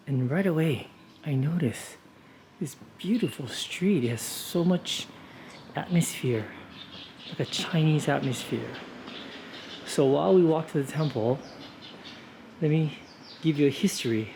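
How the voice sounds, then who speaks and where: Male travel host, relaxed tour-guide delivery, outdoor street walk, faint background noise. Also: medium pitch. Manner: relaxed, informative, with frequent "uh" and "you know" fillers. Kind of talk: casual walking tour narration.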